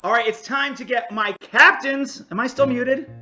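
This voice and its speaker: An energetic improv comedy referee hosting a virtual show from home over a video call, joking playfully with the audience. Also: high-pitched, normal speed, soft background music. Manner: jokey, energetic, playful asides. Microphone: home video call mic.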